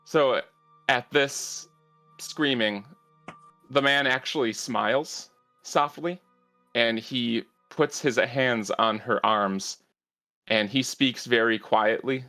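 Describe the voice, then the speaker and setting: A man narrating a tabletop game as game master, measured and halting with fillers. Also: mid-range voice, sharp tone, soft background music.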